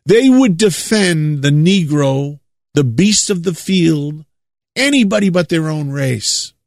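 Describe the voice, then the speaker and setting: A man from the United States preaching a monologue, leaning hard on drawn-out stresses and repeating words for effect. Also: fairly high pitch, lively intonation, no echo, studio quality.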